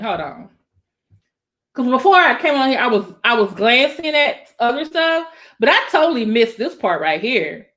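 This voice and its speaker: A woman commentating on a live stream, talking casually and directly to her viewers. Her voice sits high and swings widely, climbing even higher when she gets worked up. She exclaims often and keeps the tone excitable. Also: moderate pace. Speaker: YouTube commentator.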